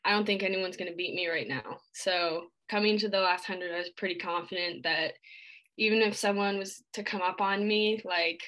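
A young woman athlete answering interview questions in a casual, relaxed way, with lots of "like" and "I mean," shivering a little after an ice bath. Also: on the low side, normal speed, poor audio. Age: young adult. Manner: relaxed, filler-heavy speech, many "like"s.

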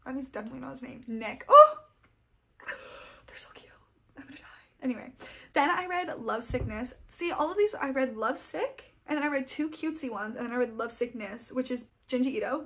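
A young woman with a high-pitched, brisk voice runs through the books she's read in a casual wrap-up. As a book vlogger, she's gushing and fangirly throughout.

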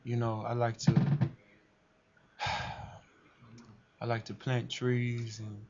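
A man's voice: medium pitch, monotone, slow pace, a little mellow, slight background noise. A man, a rapper guest on a talk show, joking around in laid-back slangy banter. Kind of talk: casual banter. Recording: dull lo-fi live stream audio.

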